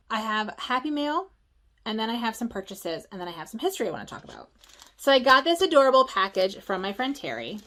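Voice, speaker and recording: A woman from the Philadelphia area chatting casually at home for her stitching vlog, excitable and rambling, with quick asides. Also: on the high side. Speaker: stitching vlogger.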